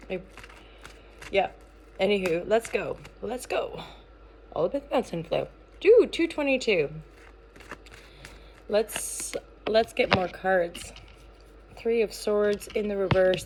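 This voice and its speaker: A woman's voice: lowish voice, a little hiss or hum. A woman giving a casual daily tarot reading, talking in a playful, rambling way with many fillers and restarts. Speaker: tarot reader and channel founder.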